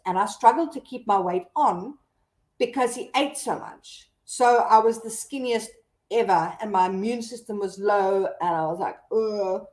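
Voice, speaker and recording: A South African woman in her thirties, hosting a casual live stream and chatting candidly with viewers as she reads their comments. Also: medium pitch. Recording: roomy echo.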